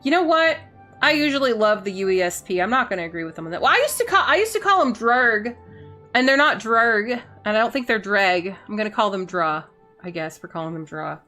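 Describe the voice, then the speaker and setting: A woman's voice: mid-range voice, animated, fast talker, sharp tone, faint music behind. A woman streaming a video game, chatting playfully and a bit silly with her viewers as she plays. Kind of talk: casual gaming stream chat.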